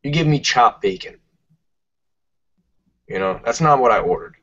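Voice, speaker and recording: A man's voice: medium pitch, expressive, normal speed, a bit bright. A man, co-hosting a casual podcast, ranting emphatically and swearing a lot. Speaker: podcast co-host. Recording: muffled lo-fi podcast audio.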